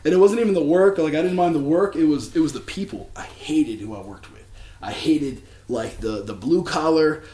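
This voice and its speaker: A man telling a personal faith story to a church crowd, earnest and often laughing, going quiet when emotional. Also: fairly high pitch, normal speed, roomy sound, slight background noise. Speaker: church speaker. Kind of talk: personal testimony.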